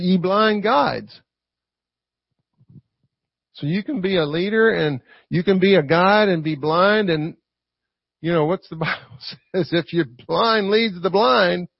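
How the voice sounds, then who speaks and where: A man preaches in a high, gravelly, husky voice, keeping the sermon conversational and tossing "right?" back at the congregation. The recording is dry and dull, like a lo-fi church tape. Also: no room sound.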